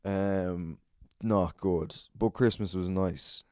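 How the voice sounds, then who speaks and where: A man's voice: low voice, fairly even intonation, slow, a little mellow, no echo, clean studio sound. An Irish man hosting a solo podcast, rambling and swearing a lot, self-mocking and a bit out of breath. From Ireland. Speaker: podcast host.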